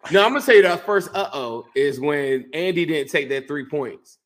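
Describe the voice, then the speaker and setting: Animated man telling a story casually. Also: a little high, normal speed. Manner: animated storyteller, acts out quotes, many fillers and restarts. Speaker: guest recounting a game. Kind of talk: casual chat.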